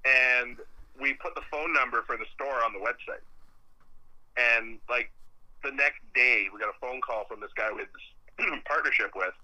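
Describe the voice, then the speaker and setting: A man with a strikingly bright, forward voice chats as a podcast guest. He tells animated stories, swears freely and slips into the voices of people he quotes. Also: medium pitch, moderate pace, rough recording. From Canada. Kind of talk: casual chat.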